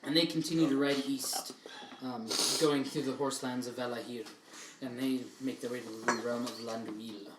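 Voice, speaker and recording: A man narrating as game master of a tabletop game, relaxed and laughing often. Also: medium pitch, moderate pace. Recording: echoey room, mic far off, noisy.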